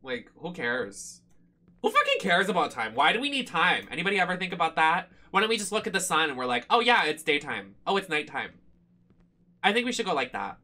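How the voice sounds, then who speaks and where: Animated, bright-voiced swearing horror streamer. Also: mid-range voice, fast. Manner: loud, profane, jokey running commentary; sudden squeals and shouts when startled. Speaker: streamer playing horror games. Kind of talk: live game stream commentary.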